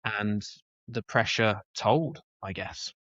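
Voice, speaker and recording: A man's voice: on the low side, slow pace, a bit bright, no echo, lo-fi sound. A man, chatting and joking as a podcast co-host. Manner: laughing, jokey banter. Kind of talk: casual chat.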